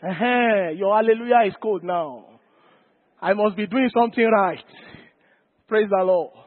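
High-voiced pastor preaching emphatically. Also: male voice, measured pace. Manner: emphatic preaching, repeats key phrases, calls to the congregation. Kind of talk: sermon. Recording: lo-fi phone-like church recording with long reverb.

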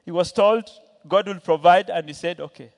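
High-voiced preacher in a reverberant hall. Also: male voice, moderate pace, creaky. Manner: storytelling preacher, voicing Bible characters and asking the church. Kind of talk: sermon. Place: church hall.

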